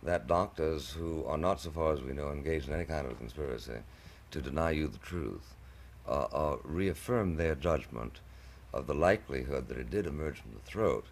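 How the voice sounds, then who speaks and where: A man's voice: a bass voice, moderate pace, creaky. A man hosting a televised debate, speaking in ornate, hesitant sentences with frequent stammered restarts.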